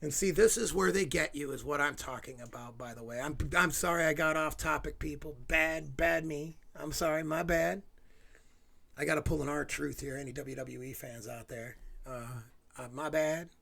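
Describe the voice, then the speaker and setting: A man's voice: fairly high pitch, normal speed, gravelly, sharp tone. A man hosting his own video, ranting angrily with sarcastic asides and swearing. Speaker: video host. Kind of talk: angry ranting commentary.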